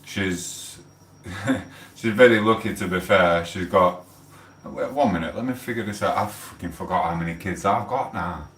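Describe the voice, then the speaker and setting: A man's voice: sits low, moderate pace, a bit bright. A man, rambling and swearing in a heated rant on a casual livestream. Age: 40s. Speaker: livestream host. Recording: echoey room, mic held far off.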